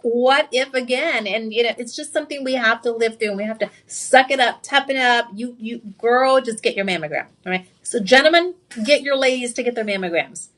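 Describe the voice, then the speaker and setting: Excitable woman home shopping presenter. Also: a little high, a little fast, hardly any pauses. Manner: excitable, chatty, confiding with viewers; sassy asides to the audience. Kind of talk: live TV jewelry selling. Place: TV shopping studio.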